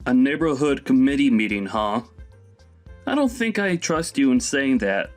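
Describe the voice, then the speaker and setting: A man playing a young husband who lays into his overbearing mother, his tone stern and reproachful. He speaks in an ordinary mid-range voice, with soft music underneath. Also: medium pitch, big pitch swings, moderate pace, natural voice. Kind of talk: voiced animated story drama.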